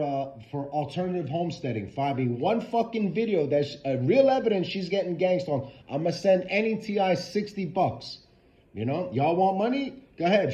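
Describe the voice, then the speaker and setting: A man's voice: a little high, mellow. A man ranting to camera in a vlog, profane and emphatic, repeating his points. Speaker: vlogger. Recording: dull lo-fi sound.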